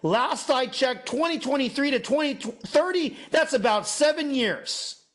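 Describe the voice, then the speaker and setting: A man hosting a masterclass, mixing an emphatic sales pitch with sermon-like preaching, repeating phrases for effect and mimicking doubters. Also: measured pace. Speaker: host, off-grid masterclass presenter.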